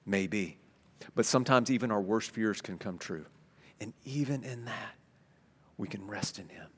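A man preaching a sermon, stumbling over repeated words and swinging between loud emphasis and hushed tones. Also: lowish voice, measured pace, slightly rough. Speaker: pastor. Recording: long hall reverb.

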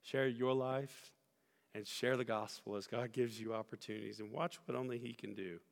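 A man preaching a sermon as pastor, earnest and building to loud, emphatic peaks. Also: medium pitch, steady tone, normal speed, gravelly. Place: church sanctuary. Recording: church hall reverb with soft music.

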